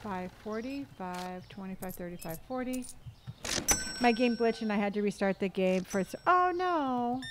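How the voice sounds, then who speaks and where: A woman with a medium-pitched voice streams a game live over some background noise. She chats casually, thanks viewers for their gifts, and answers questions from chat, humming or counting money under her breath as she plays.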